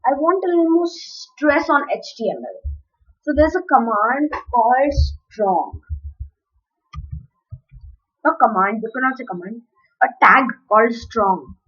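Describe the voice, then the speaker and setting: A woman's voice: on the high side, lively intonation, a little slow, long pauses, fairly bright tone, husky, lo-fi sound. A woman explaining code step by step while she types, stopping to correct herself. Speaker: coding tutor. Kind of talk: screen-recorded coding tutorial.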